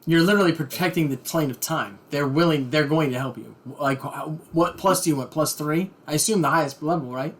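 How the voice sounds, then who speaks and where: A man running a tabletop game as game master, brisk and laughing, calling his players sir. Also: on the high side.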